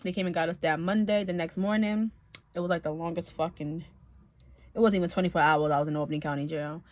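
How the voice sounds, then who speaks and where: A woman telling her own story in a casual, animated way, swearing often and laughing now and then. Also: lowish voice, fast, no echo.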